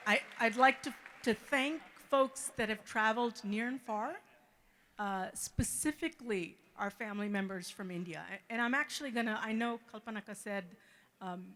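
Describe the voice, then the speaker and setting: A middle-aged woman, the bride's mother, giving an emotional wedding reception speech, halting and repeating words as she thanks the guests. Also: mid-range voice, fairly bright tone.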